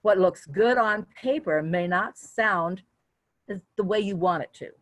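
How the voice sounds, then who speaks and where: This older woman's guest talk is an instructional session on public speaking, and she intentionally varies how loud and how high she speaks throughout. There's no echo.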